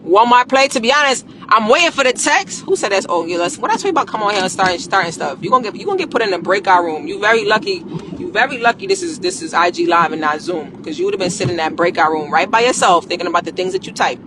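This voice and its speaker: A woman talking casually on a live stream, coaching viewers on business and credit in a blunt, animated, slangy way and swearing freely. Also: mid-range voice, fast, noisy background.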